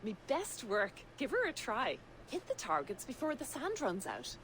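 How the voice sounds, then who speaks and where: An actress playing a cheeky, teasing young bowmaker in a video game. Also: female voice, a little high, moderate pace, a little hiss or hum. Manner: teasing, lively.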